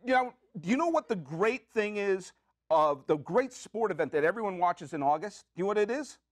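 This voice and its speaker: A man hosting his own podcast, talking in an excitable, jokey, rambling way with quick asides from a community media studio. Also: high voice, no echo. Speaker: podcast host. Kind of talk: comic solo podcast monologue.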